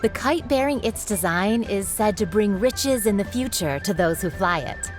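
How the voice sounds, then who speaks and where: A woman's voice: mid-range voice, expressive, normal speed, natural voice. A woman plays a welcoming shopkeeper selling kites in a game, chatty and eager to show her wares, with faint music behind. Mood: salesy. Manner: welcoming sales patter. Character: friendly female kite shop seller.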